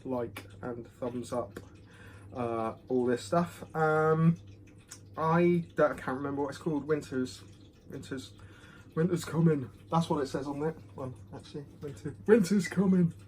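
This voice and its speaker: A man's voice: mid-range voice, unhurried, a little mellow, a little hiss or hum. Rambling, chatty man reviewing whisky. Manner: chatty, self-deprecating, full of ums. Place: home room. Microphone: phone camera.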